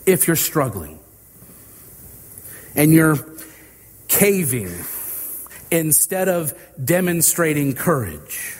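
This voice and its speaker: A man preaching a sermon in a slow, measured delivery, letting dramatic pauses hang between phrases. His voice sits somewhat high for a man. The sound carries a long reverb, as in a large hall. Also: big pitch swings.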